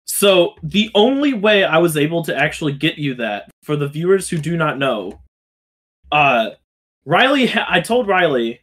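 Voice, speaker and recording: A man's voice: fairly high pitch, very animated, normal speed, a bit bright. A man hosting a podcast in casual chat, joking and rambling with lots of restarts. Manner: joking, rambling, self-interrupting. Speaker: podcast host.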